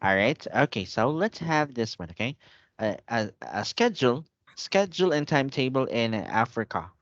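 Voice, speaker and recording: A male English teacher with a patient, repetitive way of explaining, his voice close and dry with no room around it. He speaks at a middle pitch and keeps checking that his student follows. The sound is dull and lo-fi, like audio from an online call. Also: very animated, normal speed, dry recording. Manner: patient, repeats and checks with "okay?".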